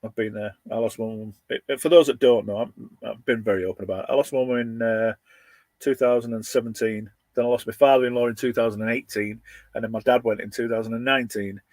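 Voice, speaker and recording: A middle-aged man chats casually on a livestream, greeting viewers one by one. His voice sits at a medium pitch, and the sound is close and dry. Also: steady tone, fast talker, darkish tone, dry recording. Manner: chatty, thanks viewers by name, laughs between lines. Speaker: livestream host reading viewer comments. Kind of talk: casual live chat. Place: his van.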